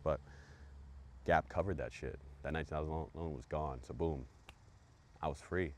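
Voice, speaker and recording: Very deep-voiced man telling a wild story. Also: normal speed, darkish tone, slight background noise. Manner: profane, hyped storytelling with repetitions. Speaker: podcast host. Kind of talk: storytelling monologue.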